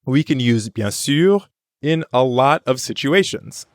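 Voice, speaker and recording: A man co-hosting a scripted language lesson, modeling pronunciation slowly and clearly for learners. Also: medium pitch, lively intonation, no echo, clean studio sound. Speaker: language teacher and co-host.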